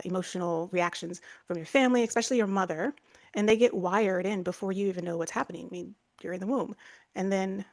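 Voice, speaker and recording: A woman co-hosting a podcast, explaining ideas in a casual, chatty way with lots of fillers and restarts. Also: fairly low pitch. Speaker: podcast co-host.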